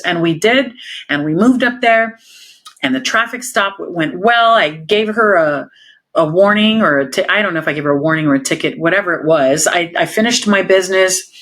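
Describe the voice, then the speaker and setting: A woman's voice: lowish voice, lively intonation, moderate pace, fairly bright tone. A woman police officer, a guest in an interview, telling her stories in a candid and emphatic way and laughing often.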